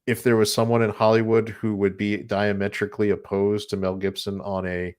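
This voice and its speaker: A man's voice: lowish voice, flat delivery, fairly quick, darkish tone, clean tone. A man co-hosting a podcast, talking casually and rambling, with laughs between thoughts. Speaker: podcast co-host. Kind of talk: casual chat.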